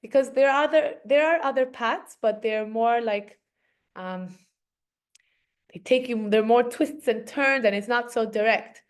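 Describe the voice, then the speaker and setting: A woman teaching children in a casual, animated storytelling manner, with many fillers. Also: a little high, unhurried, clear, resonant tone. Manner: animated, conversational, frequent fillers.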